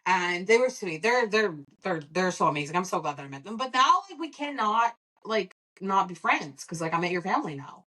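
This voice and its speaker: A woman co-hosting a podcast in casual chat, talking quickly and joking. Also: medium pitch, animated, sharp tone. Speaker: podcast co-host.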